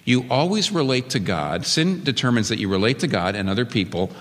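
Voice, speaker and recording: A man's voice: medium pitch, expressive, a little fast, in a large hall. A man preaching a sermon as a pastor, speaking earnestly and emphatically and building to strong emphasis.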